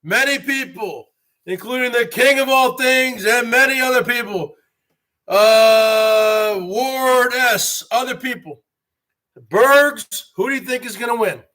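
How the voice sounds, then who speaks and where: A man's voice: extremely high pitch, slow, pushed and bright. A boastful man from New Jersey hosting a rambling live stream, calling the audience "folks" and greeting viewers by name. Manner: boastful, repeats "folks" and "bottom line".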